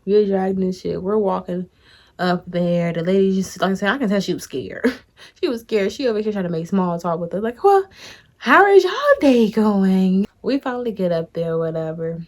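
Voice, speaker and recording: A woman's voice: on the low side, a little fast. Chatty young woman telling a story. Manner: animated, chatty, addresses viewers as y'all, swears freely. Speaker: vlogger. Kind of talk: casual storytime.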